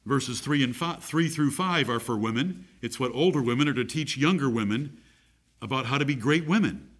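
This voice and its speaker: Emphatic preacher man, lively pitch. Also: moderate pace, slightly rough. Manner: emphatic, repeats key phrases, reads scripture aloud. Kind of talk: sermon.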